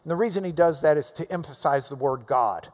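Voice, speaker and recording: A man preaching a sermon in a church. He talks emphatically, swinging between loud urging and quiet asides. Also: on the high side, brisk. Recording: long reverb of a large hall.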